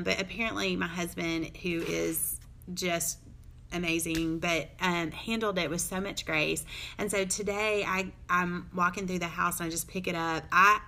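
Bright chatty woman in her 30s, laughs a lot, gets teary telling stories. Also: lowish voice, slight background noise. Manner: chatty, laughs often, emotional storytelling. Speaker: podcast co-host. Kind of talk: casual chat.

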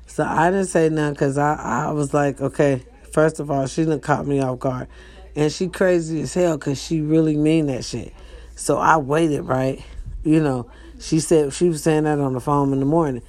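A woman's voice: low voice, fairly even intonation, normal speed, a little mellow. A woman hosting a casual livestream from home, chatty and profane, talking straight to her viewers. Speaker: livestream host. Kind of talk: casual chat. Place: at home, indoors.

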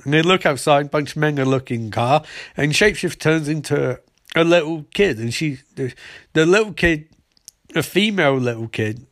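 A man's voice: a little high, lively intonation, moderate pace, fairly bright tone. A man casually recapping a TV episode for laughs, rambling, swearing and correcting himself. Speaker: comedic recapper.

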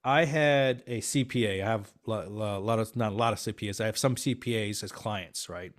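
A man as an interview guest, telling business stories in a chatty, animated way with many fillers and restarts. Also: lowish voice, brisk. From half Swiss, half Filipino family. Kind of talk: casual interview talk.

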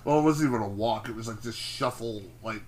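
A man's voice: lowish voice, brisk. A man co-hosting a casual podcast, telling rambling, exasperated stories about wrestling. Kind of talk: casual chat.

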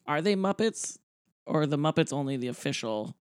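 Very low-voiced woman with lively inflection. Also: a little fast, no echo, studio quality. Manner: wry, blunt comments with lively swings. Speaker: podcast co-host. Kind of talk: casual chat.

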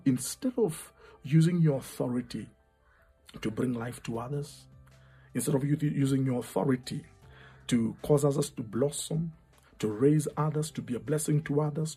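A man preaching an impassioned sermon, repeating his phrases and dropping to a hush at times. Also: a little high. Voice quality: very husky.

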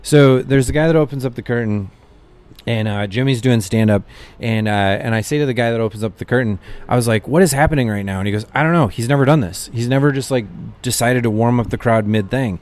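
A man who is a comedian, telling stories in a casual chat, animated and full of filler words. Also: mid-range voice, fast talker. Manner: animated anecdotes with frequent fillers. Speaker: comedian guest.

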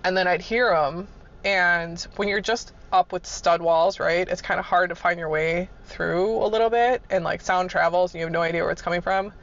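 A woman's voice: on the low side, normal speed, lo-fi sound. A woman telling casual work stories in a laid-back, chuckling way, swearing freely. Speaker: vlogger. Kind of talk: casual storytelling.

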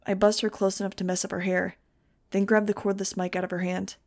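A woman's voice: mid-range voice, little pitch movement, fairly quick, creaky, darkish tone. A woman narrating a novel in a wry first-person style for a fan audiobook. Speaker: audiobook reader.

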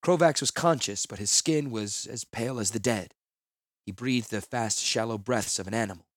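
A man narrating a fantasy audiobook in a solemn, measured manner. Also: lowish voice, no room sound.

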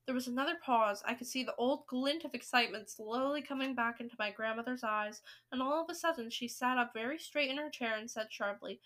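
A woman reading a children's book aloud, with steady, expressive storytelling. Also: fairly high pitch, a little fast, few pauses.

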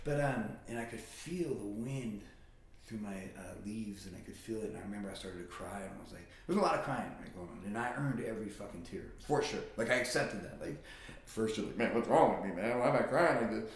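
A man's voice: lowish voice, expressive, a little fast. Male guest, casual storyteller, swears freely, heavy room echo. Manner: blunt and profane, swears often. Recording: very echoey room.

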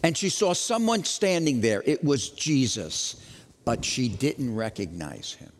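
Man, pastor, sermon, dramatic, hushed then loud, long reverb. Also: medium pitch, very animated, measured pace. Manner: dramatic, swings from loud questions to hushed lines. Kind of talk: Easter sermon.

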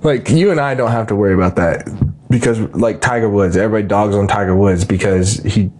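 A man's voice: on the low side, brisk, a little mellow. A man hosting a podcast, talking in a blunt, crude, joking way. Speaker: podcast host. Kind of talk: casual podcast chat.

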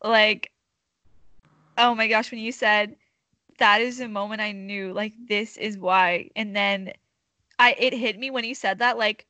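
A woman's voice: mid-range voice, fairly even intonation, unhurried, long pauses, no echo. A young woman hosting a casual chat, affirming her guest with emotion. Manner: warmly affirming, emotional, laughing. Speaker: host.

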